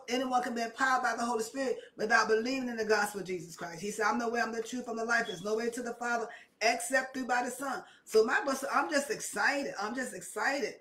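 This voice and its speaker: A woman's voice: on the high side, fast, bright, forceful tone. A woman preaching a sermon with impassioned, repetitive emphasis that rises and presses her points. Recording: echoey room, mic at a distance.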